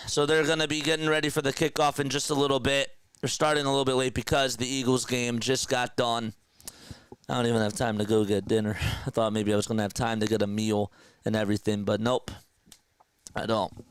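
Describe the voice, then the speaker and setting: A young man hosting a casual sports livestream, talking to his chat with excitement and emotion. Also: mid-range voice, normal speed, clean tone, no echo.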